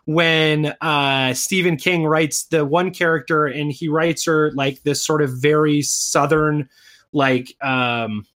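Man, casual chat, rambling, lots of restarts, slightly higher voice. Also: steady tone, slow, fairly bright tone. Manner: rambling, many restarts and fillers. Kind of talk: casual chat reviewing a comic.

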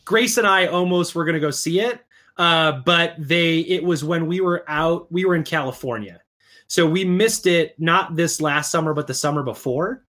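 A man with a slightly higher voice talks in a loose, chatty podcast style. He explains things at length, peppering his talk with "like" and "right?". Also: moderate pace, sharp tone. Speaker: podcast co-host. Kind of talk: casual chat about comics and games.

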